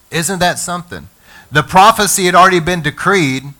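A male pastor delivers an energetic sermon in a bright, forceful voice pitched a little high. He preaches directly to the congregation and calls on them to answer back. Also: moderate pace.

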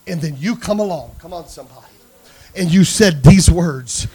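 A male pastor telling a story in a sermon, moving from quiet narration to shouted preaching and calling out to the congregation. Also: a little high, brisk, slightly rough. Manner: calls out to the congregation. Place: church sanctuary.

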